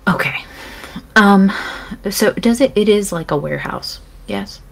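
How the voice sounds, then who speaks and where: A woman's voice: medium pitch, lively intonation, unhurried, gravelly. A woman playing in a tabletop game, talking hesitantly with many fillers and asking the game master questions. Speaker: player. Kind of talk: tabletop role-play as a player.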